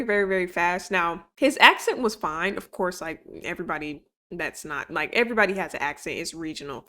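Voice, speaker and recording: A young woman casually recapping a reality show for her channel, animated and chatty, laughing often and swearing freely. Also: mid-range voice. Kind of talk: casual commentary.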